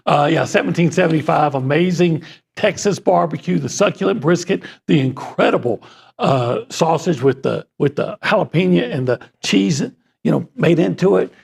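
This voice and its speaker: A man's voice: on the high side, expressive, moderate pace, vocal fry, husky. A male sports talk show co-host chatting casually through a sponsor read, restarting his sentences often.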